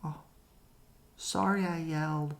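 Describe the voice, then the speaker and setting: A woman voicing an anxious little female bird in a storybook, high and pleading. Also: steady tone, slow, gravelly, full character voice. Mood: relieved. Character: anxious little bird girl, worried, jittery.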